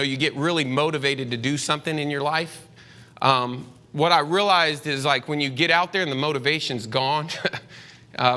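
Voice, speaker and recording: Bright, rambling man giving a talk. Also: a little high. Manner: rambling, hesitant, with many fillers and restarts; chatty and candid, slips into slang. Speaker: speaker presenting to a room of real estate agents. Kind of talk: casual live talk.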